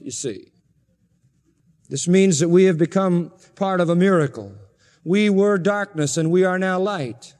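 A man preaching a sermon as pastor, emphatic and repetitive, stressing key phrases slowly. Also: high-pitched, expressive, darkish tone, long reverb tail.

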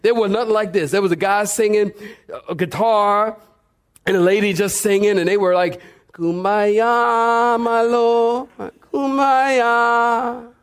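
High-voiced pastor preaching with humor. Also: male voice, steady tone, moderate pace. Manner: humorous, storytelling, talks back and forth with the congregation. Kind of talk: sermon. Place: church sanctuary before a congregation.

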